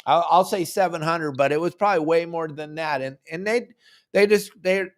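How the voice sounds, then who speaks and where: A man's voice: on the high side, expressive, moderate pace. A man hosting a fishing podcast, telling stories animatedly with playful impressions. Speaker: podcast host. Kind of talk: casual chat.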